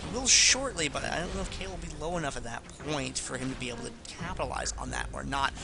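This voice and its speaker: A man giving excitable, jokey commentary on a competitive video game match. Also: mid-range voice, quick pace, creaky, noisy background. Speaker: esports commentator. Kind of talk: esports color commentary.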